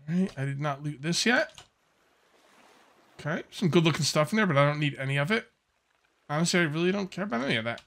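This gameplay commentator has a somewhat high, slightly bright voice with some vocal fry. He chats casually through his survival-game session, rambling along easily and leaning on lots of filler words.

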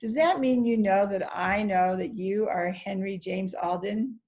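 A woman reading the lines of a kind older grandfather in a storybook, in a gentle manner. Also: medium pitch, unhurried, highs cut off, lightly acted. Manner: gentle, warm-hearted.

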